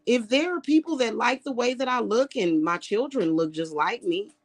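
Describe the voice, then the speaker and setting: A woman, ranting to camera in a casual vlog, blunt and animated, with profane slang. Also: fairly high pitch, normal speed, few pauses. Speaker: vlogger.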